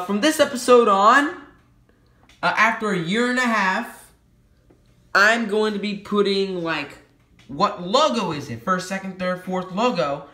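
A man hosting a logo history video, talking casually and playfully, cracking jokes and quickly correcting himself. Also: high voice, bright, forceful tone, echoey room. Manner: playful and jokey, self-correcting with quick apologies. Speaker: YouTube logo history host. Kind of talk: casual explanatory commentary.

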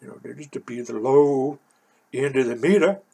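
Hoarse older man, husky and raspy, spinning a meandering personal yarn. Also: medium pitch, lively intonation, moderate pace, warm tone. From Oakland, California. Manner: rambling, says "you know" constantly. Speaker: storyteller. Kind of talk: rambling personal storytelling.

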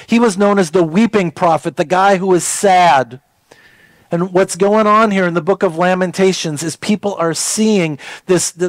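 High-voiced pastor preaching. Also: male voice, dry recording. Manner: conversational, folksy preaching with repeated words; slows down to read scripture aloud. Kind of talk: sermon.

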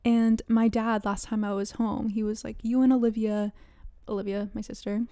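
A young woman in her twenties hosts a podcast, telling a story in casual chat with a mellow, mid-range voice that barely moves in pitch and keeps a moderate pace. She laughs often, swears, says "like" constantly, and acts out quoted lines in dramatic voices. The recording is dry and studio quality.

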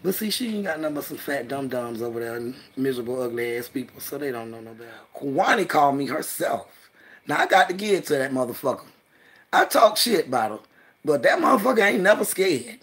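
A woman's voice: sing-song, fairly quick, slightly rough. Brash, profane woman trash-talking. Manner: brash, profane, swings between low mutters and loud outbursts; mocking, laughs through her words. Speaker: vlogger. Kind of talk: heated trash-talk monologue.

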